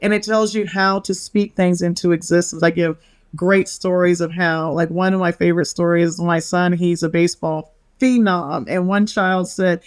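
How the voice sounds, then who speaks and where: A woman's voice: on the low side, fairly even intonation, moderate pace, clean tone, no room sound, clean studio sound. A middle-aged woman on a podcast, a bubbly storyteller who acts out quotes and laughs often. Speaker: podcast guest, wellness author. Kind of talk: casual interview chat.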